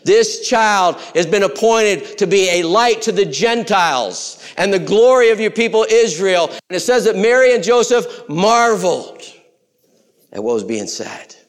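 A male pastor delivers a sermon in a fairly high voice. He is animated, swinging between loud exclamations and quiet, hushed asides. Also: unhurried.

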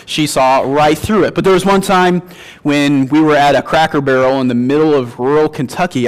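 Earnest male preacher from Northern Illinois. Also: mid-range voice. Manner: earnest, storytelling with light humor. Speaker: guest pastor. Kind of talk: sermon.

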